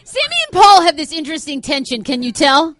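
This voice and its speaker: A woman's voice: sits high, animated, a bit bright, dry recording. A woman hosting a casual comedy chat, teasing and prodding her cohosts. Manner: teasing and quick to prod.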